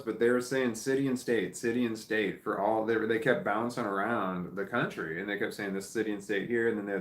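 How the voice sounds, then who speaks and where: A man's voice: mid-range voice, reverberant. A man from Missouri with a Midwestern American accent, hosting a casual live chat, reading viewer comments aloud in a tired, rambling way with frequent chuckles. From Missouri, United States. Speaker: livestream host reading chat.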